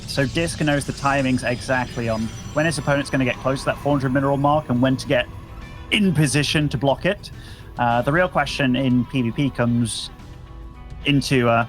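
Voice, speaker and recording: A man's voice: mid-range voice, fairly bright tone. An English man commentating an esports match, chatty and casual with lots of fillers. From England. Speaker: esports caster. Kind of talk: play-by-play commentary.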